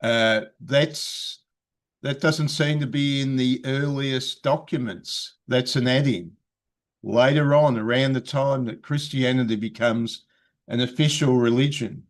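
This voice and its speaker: A man joining an online discussion, talking casually and haltingly with many fillers and some throat clearing. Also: medium pitch. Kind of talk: casual chat.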